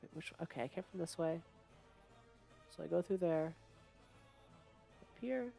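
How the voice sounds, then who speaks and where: Gravelly, hiccuping streamer talking casually. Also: medium pitch, normal speed, warm tone, soft background music. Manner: chatty, reactive, thinking aloud. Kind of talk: casual gameplay commentary.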